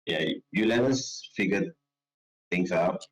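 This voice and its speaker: A man's voice: low-pitched, slow pace. A man playing a tabletop game in casual chat, stammering and often restarting his sentences. He sounds distant from the mic. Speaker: player.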